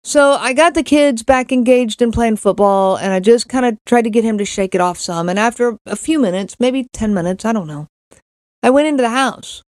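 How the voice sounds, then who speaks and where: A middle-aged woman hosts a podcast, her voice on the high side and moving at normal speed. Earnest as she tells a personal story, she frequently repeats words and acts out others' remarks. The recording is dry and studio quality.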